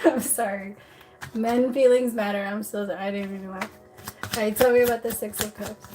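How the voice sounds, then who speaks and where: A woman's voice: medium pitch, steady tone, normal speed, background noise. A woman giving a casual livestream tarot reading, chatty and giggly, with lots of fillers and restarts. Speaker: tarot reader.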